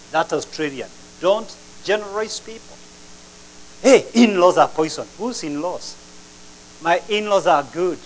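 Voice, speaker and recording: A man preaching a sermon as pastor, asking the congregation rhetorical questions and using dramatic pauses and sharp swings between loud and soft. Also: fairly high pitch, a little hiss or hum.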